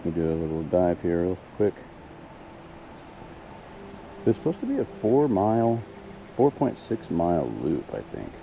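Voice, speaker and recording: A man's voice: low-pitched, huge pitch swings, brisk, vocal fry, dark tone, lo-fi sound, slight background noise. A man live-streaming a hike on an outdoor trail, chatting with viewers and thinking aloud in a casual, self-deprecating way. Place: outdoor hiking trail in a wooded valley.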